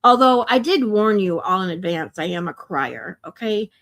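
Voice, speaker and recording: A woman's voice: medium pitch, expressive, moderate pace, fairly bright tone. A woman hosting a casual livestream, talking to viewers in an emotional, chatty way with a lot of swearing. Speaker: livestream host.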